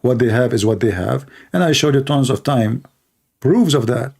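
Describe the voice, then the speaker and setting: A man hosting a call-in livestream, talking casually, mocking and laughing at callers and repeating words in quick bursts. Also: mid-range voice, creaky, a little mellow. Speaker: livestream host taking calls.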